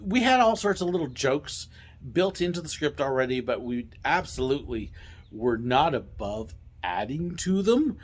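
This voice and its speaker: Animated man telling funny stories. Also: medium pitch, normal speed. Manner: animated, playful, acts out quoted voices. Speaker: vlog host, former theme park ride driver. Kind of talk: casual storytelling.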